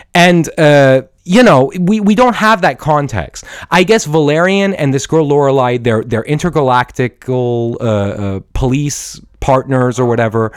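A man's voice: medium pitch, no echo. Rambling man, dry close voice. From Iran. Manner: halting, many restarts and fillers, swears freely. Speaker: podcast host and film reviewer. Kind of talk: casual rambling monologue. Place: at home with a dog. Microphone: studio microphone.

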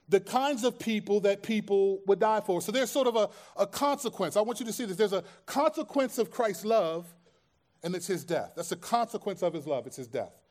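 A man's voice: sits high, a little mellow. A man preaching a sermon as pastor, in a conversational way that acts out everyday scenes and quoted voices.

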